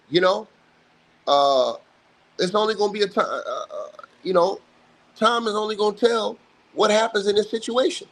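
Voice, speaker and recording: A man's voice: high voice, moderate pace, long pauses, fairly bright tone. A man hosting a livestream, giving casual sports commentary in an emphatic, slangy, repetitive way. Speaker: livestream host. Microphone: livestream mic.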